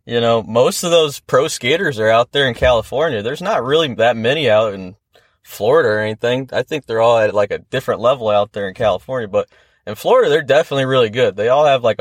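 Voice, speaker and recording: A young man from the Midwest talks as a podcast guest, relaxed and meandering, with casual swearing. His pitch sits right in the middle for a man. The recording is dry and close, with no room sound. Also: quick pace, no echo. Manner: laid-back, rambling, swears freely. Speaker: guest skateboarder.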